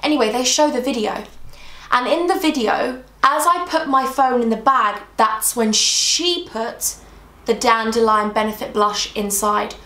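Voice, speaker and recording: A woman's voice: a little high, measured pace, pushed and bright, echoey room. A young woman telling a dramatic storytime vlog, chatty and full of asides to her viewers. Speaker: beauty vlogger.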